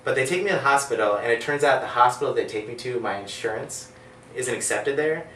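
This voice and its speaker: A man's voice: mid-range voice, brisk, recorded from a distance. Rambling man telling a story in a roomy room. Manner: rambling, animated, acts out quoted voices with yelps. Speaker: band guest. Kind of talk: casual storytelling. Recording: roomy sound from off-mic with faint hiss.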